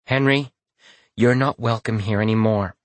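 A man doing a calm, icy pub owner. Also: fairly low pitch, moderate pace, dry recording, lightly acted. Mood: cold command. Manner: calm, quiet, piercing. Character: young woman pub owner, cold and commanding.

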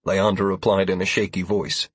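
A man reads a first-person fantasy novel aloud in a measured, even way. His voice sits low and husky. The sound is dry and close. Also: dry recording. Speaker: audiobook narrator.

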